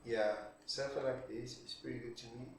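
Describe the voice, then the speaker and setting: A man, a non-native speaker whose first language is Portuguese, walking through a software tutorial while thinking aloud and checking in with tag questions. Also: mid-range voice, fairly even intonation, fairly quick, slight background noise. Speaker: 3D art tutorial creator. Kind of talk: screen-recorded software tutorial. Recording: very echoey room, distant mic.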